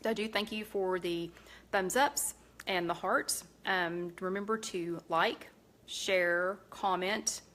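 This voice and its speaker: A middle-aged woman hosting a casual live-stream chat, rambling warmly with many fillers and self-corrections. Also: mid-range voice, takes it slowly. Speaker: host of a live cooking chat.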